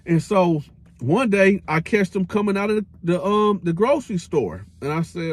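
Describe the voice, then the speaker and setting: A man hosting a casual storytime, telling a prison tale in animated slang with his own sound effects. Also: high voice, moderate pace, no room sound. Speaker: storyteller host.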